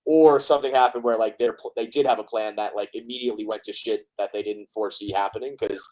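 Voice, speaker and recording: A man's voice: fairly low pitch, fairly even intonation, quick pace, a little mellow, poor audio. A man co-hosting a sports podcast who rambles through his frustration in casual chat. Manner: rambling, frustrated, lots of fillers. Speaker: podcast co-host.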